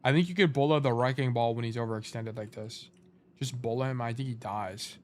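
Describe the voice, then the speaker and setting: A man's voice: medium pitch, a little fast. Laid-back man coaching over a game replay. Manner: thinks aloud, trails off and corrects himself. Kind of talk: casual live-stream coaching commentary.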